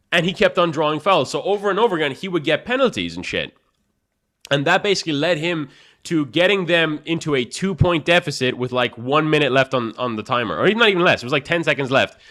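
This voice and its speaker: A young man with an Irish accent, a chess streamer casually telling a story to his live chat in a profane, animated way. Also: on the high side. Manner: profane, animated, swings between loud and mumbled.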